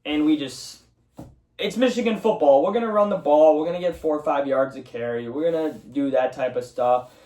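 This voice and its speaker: A man's voice: fairly high pitch, moderate pace, mellow. A young man hosting a casual sports talk show, ranting heatedly with lots of swearing about missed effort and game plays. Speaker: sports podcast host. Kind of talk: casual solo commentary. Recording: roomy echo, distant mic.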